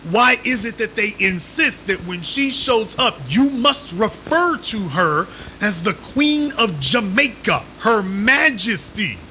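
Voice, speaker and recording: A man's voice: high-pitched, very animated, slow pace, sharp tone, slight background noise, poor audio. A man hosting a live stream, giving emphatic commentary, with sarcastic, repeated rhetorical questions.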